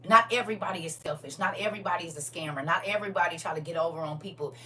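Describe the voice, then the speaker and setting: A woman hosting a casual livestream chat with her viewers, swinging from soft murmurs to loud, excited exclamations. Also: fairly low pitch, very fast. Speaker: livestream host. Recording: distant mic with faint background hum.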